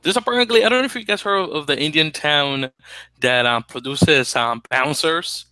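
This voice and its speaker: A man's voice: fairly high pitch, moderate pace, pushed and bright, clean tone, dry recording. A man co-hosting a sports podcast, chatting casually with hesitant fillers and restarts. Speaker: podcast co-host.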